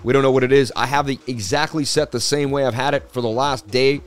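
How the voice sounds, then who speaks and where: A man's voice: mid-range voice, fairly even intonation, fast talker, smooth, soft background music. A middle-aged man hosting a casual crypto live stream, chatty, with a sports-presenter delivery. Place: traveling.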